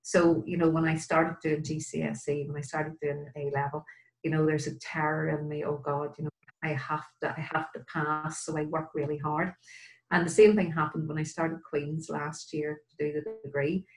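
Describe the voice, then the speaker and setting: A woman's voice: low voice, steady tone, moderate pace, poor audio. A woman, chatting candidly as an interview guest and laughing at herself. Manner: candid and self-deprecating, laughs often. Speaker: guest, Irish language learner. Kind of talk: casual interview chat.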